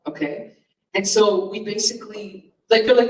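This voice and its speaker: A woman's voice: mid-range voice, normal speed. A woman who founded a comedians' association, giving a rambling, chatty speech at a union meeting with asides and little laughs. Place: meeting hall in a comedy club. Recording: roomy and from far off.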